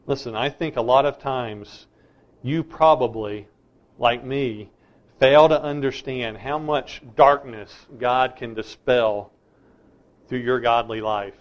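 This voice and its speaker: A man's voice: medium pitch, takes it slowly, dull audio. A middle-aged man preaching a sermon as a pastor, emphatic and insistent.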